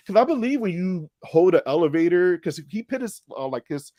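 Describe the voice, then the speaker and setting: A man hosting a casual movie review chat, animated and quick to laugh. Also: sits high, no room sound, highs cut off. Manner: laughs often, animated, loose chatty delivery. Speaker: podcast host.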